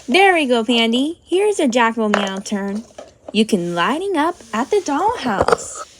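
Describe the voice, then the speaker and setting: Slow, gasping, sing-song toy-play woman. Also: on the high side, sing-song, background noise. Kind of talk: toy play storytelling for children.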